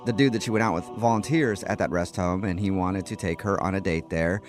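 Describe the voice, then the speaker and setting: A man's voice: low-pitched, a little fast, over music. A man co-hosting a morning radio show, joking and teasing in playful banter. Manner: playful, teasing, deadpan jokes. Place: radio studio.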